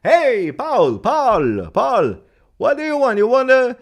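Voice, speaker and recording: Brief: man playing a loud, coaxing football coach on a phone call, pitched high above his own voice. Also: wildly swooping pitch, takes it slowly, exaggerated voice. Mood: excited coaxing. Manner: shouting eagerly, coaxing. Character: excitable Italian male football coach on the phone.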